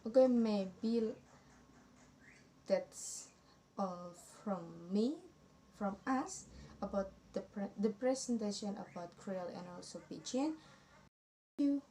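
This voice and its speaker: Slow, halting young woman student presenter. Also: medium pitch, warm tone, a little hiss or hum. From Indonesia. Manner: halting, restarts words, reads examples aloud. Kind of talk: online class presentation.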